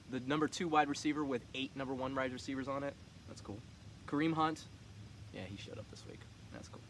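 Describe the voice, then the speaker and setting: Man, league commissioner, cocky trash talk, casual, faint background noise. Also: medium pitch. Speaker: fantasy football league commissioner.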